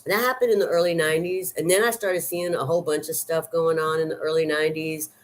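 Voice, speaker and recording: A woman's voice: sits low, steady tone, fast. Woman, 50s, Southern accent; casual, rambling vlog chatter full of fillers. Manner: rambling and chatty, with many ums and restarts. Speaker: vlogger. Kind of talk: casual chat.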